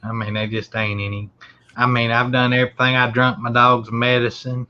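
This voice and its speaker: Folksy man with a bright voice. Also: mid-range voice, flat delivery, normal speed, slight background noise. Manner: folksy, joking, drawling. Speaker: host. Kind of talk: casual chat. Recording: dull lo-fi sound.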